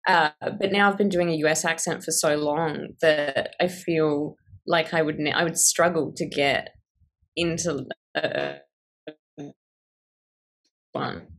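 Low-voiced young Australian woman. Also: slow. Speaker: actress, interview guest.

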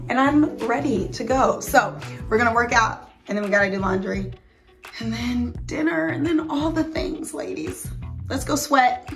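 A woman vlogging her day at home as a homeschool mom, talking in a chatty, rambling way. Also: a little high. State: out of breath after workout. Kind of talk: casual vlog chat. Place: home garage gym.

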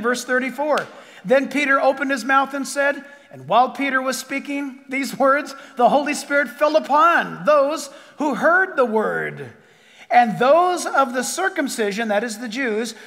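Pastor, male, high voice, animated sermon delivery with bursts of shouting, long hall reverb. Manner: animated, energetic, sometimes shouting. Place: large church auditorium.

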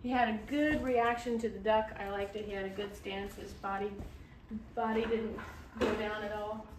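A woman's voice: mid-range voice, fairly even intonation, normal speed, noisy background. Woman, dog breeder, baby talk to a puppy, echoey room, heard from a distance. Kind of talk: casual commentary while handling a puppy.

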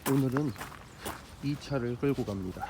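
A young man with a Korean accent, chatting casually to camera in a daily vlog, muttering quick asides. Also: mid-range voice, vocal fry, echoey room, noisy background. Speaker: vlogger.

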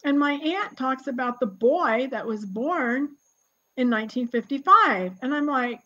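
Woman, sixties, chatty, laughs a lot, raised pitch, muffled recording. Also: measured pace. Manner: lively, chatty, laughs often. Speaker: genealogist guest. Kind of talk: casual storytelling conversation.

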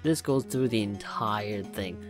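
A man chatting loosely while he watches video game cutscenes, often laughing and blurting out reactions. His words tumble and restart as he reacts. Game music plays clearly beneath his voice. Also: on the low side, a little slow. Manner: laughs often, exclaims and stumbles over words. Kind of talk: casual reaction commentary.

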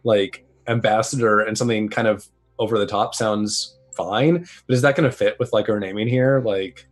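A man's voice: fairly low pitch, normal speed, faint music behind. A man playing in a tabletop game, playful and thinking aloud with restarts. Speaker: player. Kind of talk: casual tabletop game chat.

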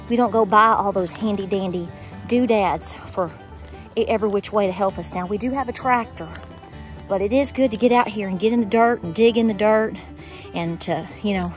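A woman's voice: a little high, fairly bright tone. A woman, hosting a homestead vlog and chatting casually with her viewers while working outdoors in a garden. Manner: chatty, folksy, talks straight to viewers.

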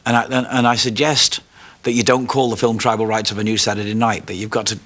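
A man being interviewed, telling stories about his past in a reflective, unhurried way. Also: on the low side, level tone, fairly bright tone. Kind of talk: reminiscing interview.

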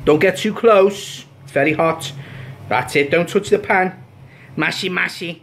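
A man hosting a playful home cooking video with his children, boisterous and given to shouted catchphrases. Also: high-pitched, measured pace, vocal fry, a little hiss or hum. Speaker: home cooking show host and dad. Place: home kitchen, indoors.

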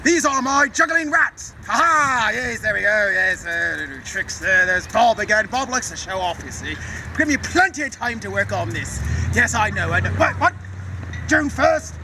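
A man's voice: sits high, animated, moderate pace, sharp tone, exaggerated voice. A man playing an eccentric pirate who rambles and chatters to his pet rats, in an improvised comic sketch. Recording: distant mic with outdoor noise.

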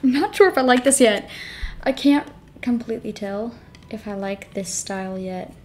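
A woman's voice: fairly high pitch, moderate pace, darkish tone, soft background music. A woman beauty vlogger chatting casually through a product tutorial, filling her talk with "like" and playing up her reactions, sometimes dropping to a whisper while concentrating. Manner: chatty, filler-heavy, self-dramatizing.

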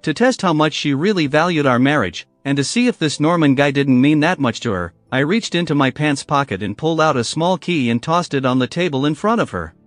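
Man narrating a revenge story, fairly high voice, bitter and even, dry booth sound with soft music. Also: brisk, hardly any pauses, dry recording. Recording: dry voice with faint music behind.

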